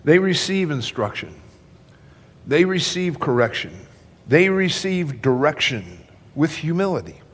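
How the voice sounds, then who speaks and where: A man's voice: a little high, very animated, a little slow, slightly rough. Older male pastor preaching in a reverberant hall. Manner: conversational, addresses congregation directly. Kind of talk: sermon.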